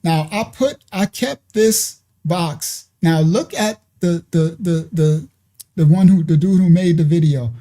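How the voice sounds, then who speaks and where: A man hosting a reaction video who chats casually to his viewers as "y'all" and fills his pauses with "um". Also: fairly high pitch, mellow. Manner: chatty, talks to viewers as "y'all", hesitant fillers.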